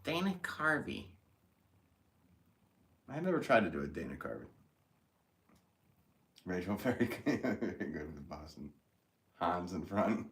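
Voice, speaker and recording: A man's voice: low-pitched, big pitch swings, normal speed, long pauses. A man with a New England accent, hosting a casual livestream while he works, reading viewer comments, joking and laughing often.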